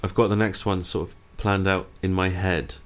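A young man from Brighton, a musician guest, speaking in a dry, understated and measured way. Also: sits low, flat delivery. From Brighton, England. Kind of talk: casual interview chat.

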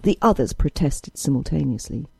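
A woman narrating a novel in a measured storytelling manner. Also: very deep voice, expressive, gravelly, a little mellow, slightly rough, dry recording, poor audio. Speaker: audiobook narrator. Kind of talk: scripted narration.

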